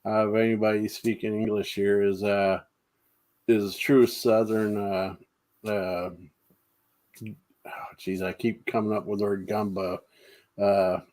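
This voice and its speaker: A man hosting a casual chat, talking in a halting way with many fillers. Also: fairly low pitch, little pitch movement, darkish tone. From New York State. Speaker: host.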